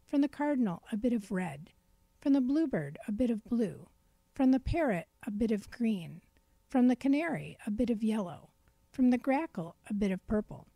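A woman narrating a children's storybook in a gentle, clear read-aloud manner. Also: fairly high pitch, animated, normal speed, no room sound.

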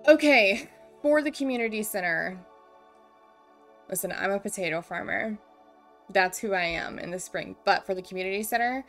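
A woman's voice: medium pitch, normal speed, a bit bright. A young woman streaming a farming game, chatting casually and getting distracted. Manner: chatty, easily distracted, self-mocking. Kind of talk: casual gameplay commentary. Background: faint game music.

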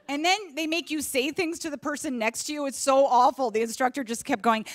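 High-voiced, exasperated woman comic. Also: brisk, few pauses. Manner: animated, exasperated storytelling. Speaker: stand-up comedian. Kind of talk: stand-up comedy set. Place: late-night TV studio stage.

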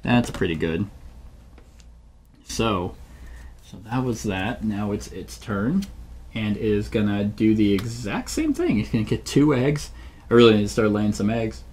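Slow, low-voiced man thinking aloud. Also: sing-song, darkish tone, a little hiss or hum. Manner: rambling, searches for words mid-sentence. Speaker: channel host playing a board game solo. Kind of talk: thinking-aloud playthrough commentary.

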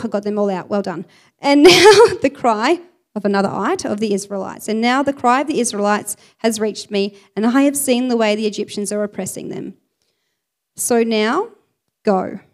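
Woman preacher, expressive sermon delivery, medium pitch. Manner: expressive, reads scripture aloud with emphasis.

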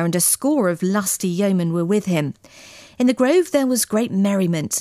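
A woman reading a gothic tale as scripted narration, in a measured, dramatic, old-fashioned storytelling manner. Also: mid-range voice, darkish tone, dry recording, studio quality. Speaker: audiobook narrator.

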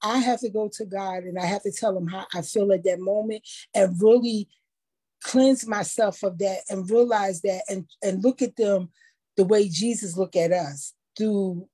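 A woman in a faith discussion who talks in a preachy, animated way and acts out quotes. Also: medium pitch, normal speed, slightly rough. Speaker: panelist.

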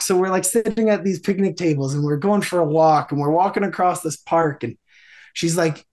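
A man's voice: on the high side, normal speed, darkish tone. A man, a podcast guest, telling a long dating story in a casual, rambling way with many fillers and restarts.

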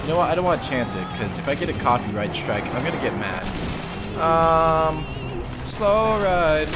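A man's voice: high voice, a little hiss or hum. A man streaming games in a casual, jokey way, talking back to what he sees on screen. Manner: animated, jokey, talks to the game. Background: game music.

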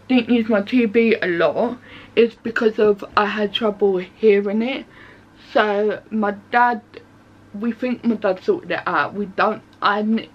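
A woman chatting casually in her bedroom for her vlog, rambling from one thing to the next. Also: medium pitch. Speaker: vlogger. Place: bedroom at home. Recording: dull lo-fi home recording.

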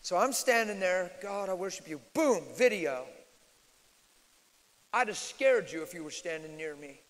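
A male preacher teaching at a live church Q&A, swinging from loud declarations to quiet asides. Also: lively intonation, a little slow. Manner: emphatic, shifts from loud declarations to low asides. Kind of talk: sermon-style Q&A teaching. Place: large church hall, live audience. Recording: reverberant hall.

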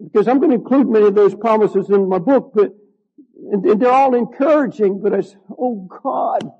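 An older man preaching a sermon, fervent and slow, stretching his words and rising to shouts at the high points. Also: breathy edge, muffled recording. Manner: slow, drawn-out emphasis. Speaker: pastor.

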